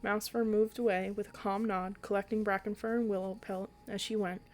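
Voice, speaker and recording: Reading a children's book aloud for a storytelling podcast, a woman stays even in tone though she sometimes slips and restarts. Her voice is mid-range and moves a little fast.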